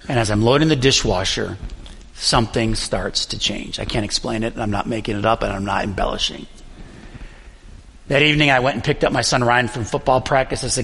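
A fairly young man preaches in a church, his middle-pitched voice gravelly with fry. He tells a personal story earnestly, pausing often. A long reverb from the large hall trails his words. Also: a bit bright, slight background noise. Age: young adult. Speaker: pastor. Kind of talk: sermon.

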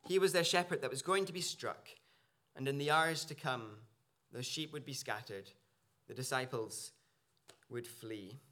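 Bright-toned earnest man preaching. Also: mid-range voice, unhurried. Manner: earnest, searching, with small restarts. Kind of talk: sermon. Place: church.

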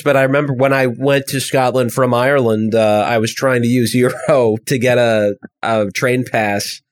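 An American man co-hosting a podcast, chatting casually and rambling through jokes with some swearing and self-deprecation. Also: medium pitch. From United States. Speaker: podcast co-host. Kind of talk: casual comedic chat.

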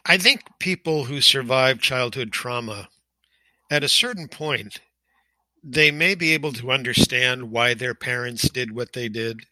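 An older man giving personal testimony as an interview guest, emotional and halting, with frequent pauses and fillers. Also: medium pitch, bright, forceful tone, no echo, low-quality recording.

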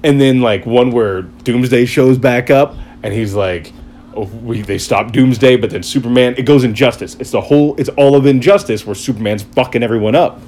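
Man, casual chatter, excited rambling storyteller who swears and acts out quotes; mid pitch, faint background hiss. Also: brisk, few pauses. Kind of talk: casual chat.

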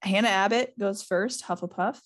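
A woman podcast host reading a novel aloud and recapping it with a guest, lively and quick, with small laughs. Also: mid-range voice.

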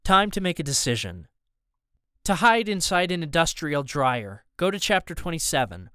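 Smooth, dry male audiobook narrator. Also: a little high, sing-song, normal speed, pushed and bright, dry recording. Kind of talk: scripted first-person story narration.

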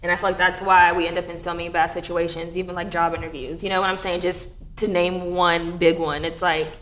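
A young woman in casual chat, animated and swearing freely, with many fillers. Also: on the low side, fairly quick, slight background noise. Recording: echoey room.

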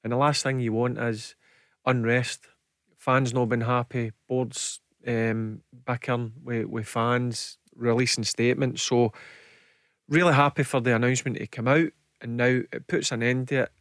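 A man's voice: medium pitch, level tone, moderate pace, a bit bright, no room sound. A Scottish man giving football punditry on studio radio, earnest and plain-spoken, often repeating words as he goes. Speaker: football pundit, former player. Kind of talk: casual sports radio punditry. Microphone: studio microphone.

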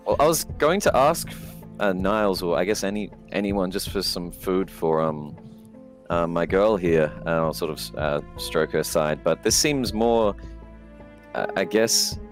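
Hesitant deep-voiced man playing a tabletop game. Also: measured pace, soft background music. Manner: hesitant, many fillers, laughs easily. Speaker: player. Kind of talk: casual chat in a tabletop game.

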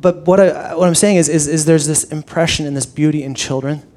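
A man with a slightly high voice gives a sermon as a relaxed personal story. He talks like a pastor chatting with his congregation, animated and repeating words as he restarts his sentences. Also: brisk.

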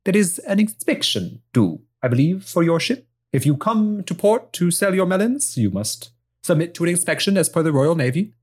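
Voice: medium pitch, very animated, moderate pace, darkish tone, husky, voice pushed up. A game master voicing a short, tipsy, self-important female navy lieutenant with a put-on Spanish accent. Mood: officious.

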